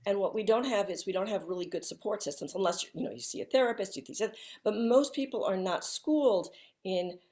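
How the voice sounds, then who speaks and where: A woman in a middle pitch gives reflective interview talk, soft-spoken and halting. She often restarts her sentences as she searches for words. She is heard over a video call. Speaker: guest.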